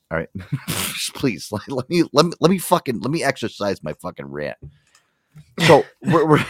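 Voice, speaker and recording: A man's voice: lowish voice, no echo. Radio show guy ranting, cursing, lots of restarts, voice jumps all over, dry sound. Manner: profane, rambling storyteller with many restarts. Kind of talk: casual on-air rant.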